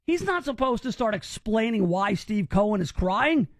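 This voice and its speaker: Mocking and incredulous, a male talk radio host weighs in on news clips at a normal speed. He speaks in a high register with animated leaps in pitch. The sound is dry and close, with no room sound.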